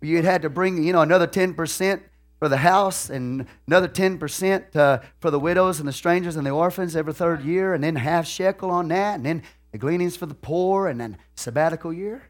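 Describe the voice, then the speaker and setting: Folksy Texan pastor preaching loudly. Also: male voice, fairly high pitch, fairly quick. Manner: swings from soft asides to loud shouted preaching; folksy, peppered with "okay?" and "hallelujah". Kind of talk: sermon.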